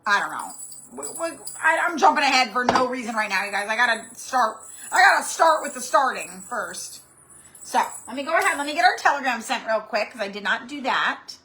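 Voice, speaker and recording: A woman's voice: fairly high pitch, big pitch swings, a little fast, pushed and bright. A woman hosting a live-stream craft tutorial, chatty and rambling as she greets viewers by name. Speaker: craft channel host.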